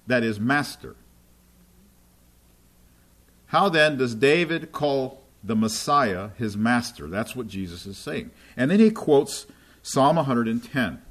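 A man's voice: medium pitch, expressive, unhurried. Male preacher, mid-range voice, chatty teaching delivery that checks in with listeners. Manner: checks in with listeners often, asking "right?" and "okay?". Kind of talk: conversational Bible teaching.

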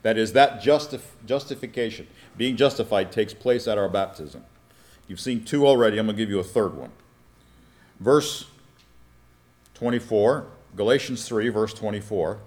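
A man's voice: on the low side, normal speed, a little mellow. A pastor preaching a teaching sermon, asking his congregation questions and checking that they follow with "all right?".

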